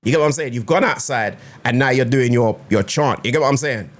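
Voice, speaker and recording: A man's voice: mid-range voice, fairly quick. A man giving casual, slangy reaction commentary on a rap track, often repeating the lyrics back. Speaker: music reaction host. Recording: music playing behind. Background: rap track playing.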